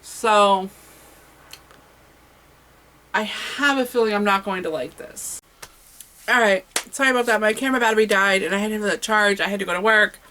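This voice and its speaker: Woman, casual home book vlogger, enthusiastic, rambling with fillers and self-corrections, average pitch. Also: moderate pace, pauses often, pushed and bright, a little hiss or hum, rough recording. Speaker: booktuber.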